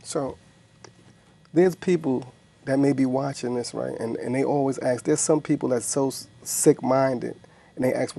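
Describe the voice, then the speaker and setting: A man hosting an interview, asking measured, probing follow-up questions. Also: medium pitch, steady tone, gravelly, dark tone. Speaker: interview host.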